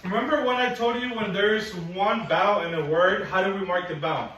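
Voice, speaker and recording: A patient, encouraging man leads a one-on-one phonics lesson, drawing out each sound slowly. His voice sits a little high, heard from a distance in a very echoey classroom with a faint hiss behind it. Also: a bit bright, muffled recording. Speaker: phonics teacher. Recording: echoey room, mic at a distance.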